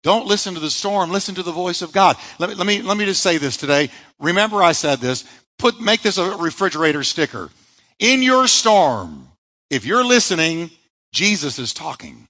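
High animated preaching man. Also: moderate pace, big-room sound, poor audio. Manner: emphatic preaching, rhetorical questions. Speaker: pastor. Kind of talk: sermon.

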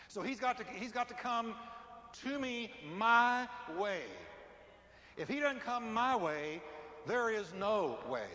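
A man's voice: very high-pitched, lively intonation, unhurried. A man preaching a sermon, emphatic and repetitive, building his lines for stress. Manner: emphatic, repeats lines for stress, rising to shouts. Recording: reverberant hall with faint ambience.

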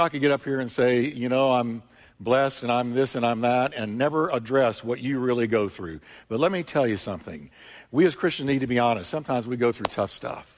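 A male pastor preaching a sermon with emphatic, repetitive delivery, swinging between loud peaks and quieter asides. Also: mid-range voice. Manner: emphatic preaching, repeating phrases with rising and falling intensity. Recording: long church hall reverb.

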